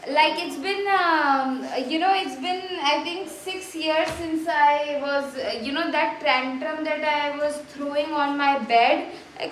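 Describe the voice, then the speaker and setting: A woman's voice: sits high, fairly even intonation, slow, a bit bright, roomy sound, poor audio. A woman hosting a spiritual vlog, chatty and effusive, with many fillers and restarts. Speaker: spiritual channel host. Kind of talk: casual spiritual vlog talk.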